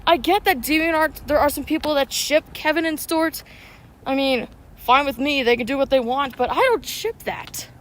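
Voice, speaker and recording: A woman streaming a mobile game outdoors, chatting excitedly with viewers and arguing back at them. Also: high-pitched, normal speed. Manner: excitable, argues back at chat. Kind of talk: casual chat with viewers while playing. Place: outdoors, walking.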